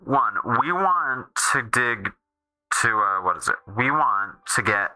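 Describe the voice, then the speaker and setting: A man's voice: mid-range voice, big pitch swings, slow pace, sharp tone, smooth, faint music behind, poor audio. A man streaming a game, chatting casually in a rambling way that keeps restarting and trailing off. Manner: rambling, self-interrupting, restarts often.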